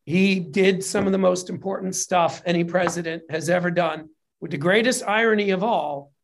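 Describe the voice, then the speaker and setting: This is a casual, chatty storyteller who swears freely and throws energy into every beat of the tale. The pitch sits in a middle register. At times the telling turns openly emotional. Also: moderate pace, slight background noise. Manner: animated, profane retelling of a history story; gets emotional while telling it. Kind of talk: casual chat.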